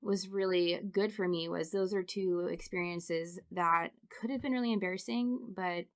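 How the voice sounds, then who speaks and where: A woman in her thirties, a podcast guest, telling funny stories in an animated way and laughing often. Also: on the low side, normal speed. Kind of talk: casual storytelling interview.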